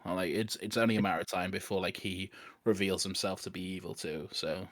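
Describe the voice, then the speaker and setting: A man's voice: low-pitched, steady tone, fairly quick, no room sound. A man co-hosting a podcast, sardonically chatting about a film and swearing casually. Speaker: podcast co-host. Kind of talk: casual film review chat.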